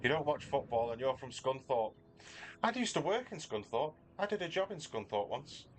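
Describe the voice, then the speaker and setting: There's a slight hiss or hum as this middle-aged northern English livestreamer, Mancunian by accent, chats with viewers during a race in his home garage. His mid-range voice swings widely in pitch, his pace is moderate, and his humour is self-deprecating.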